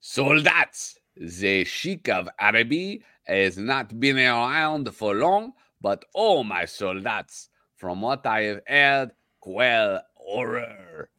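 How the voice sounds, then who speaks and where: A man's voice: mid-range voice, big pitch swings, slow pace, few pauses, sharp tone, no room sound, clean studio sound, full character voice. A man doing a put-on French accent as a pompous, dramatic sergeant.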